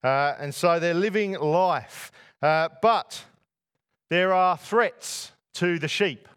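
A man with a fairly high voice preaches a sermon in a church. He speaks to a congregation and keeps asking them rhetorical questions. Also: takes it slowly, a bit bright, smooth. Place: church before a masked congregation.

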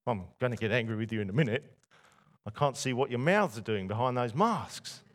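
Speaking fairly quickly and expressively at a medium pitch, a man gives a sermon in church. He puts rhetorical questions to a congregation wearing masks.

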